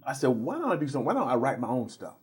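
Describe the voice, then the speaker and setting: A husky-voiced middle-aged man sits as a talk show guest. He tells animated stories at an ordinary pitch, often repeating words and laughing along the way. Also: very fast. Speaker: guest, theater professor. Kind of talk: casual interview storytelling.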